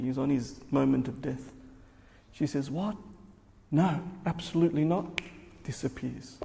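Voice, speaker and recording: A man preaches with a gravelly, mellow voice that stays fairly flat in pitch. He tells a parable slowly and with emphasis, and his words ring out in a long hall reverb. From Australia. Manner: storytelling, slow and emphatic, voicing characters in quotes. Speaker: religious teacher. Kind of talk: sermon.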